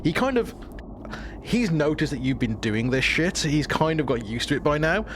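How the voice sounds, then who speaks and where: A man's voice: a little high, very animated, moderate pace. A man running a tabletop game as game master. He narrates casually and rambles, with plenty of "um"s and restarts. A faint hiss sits under his voice.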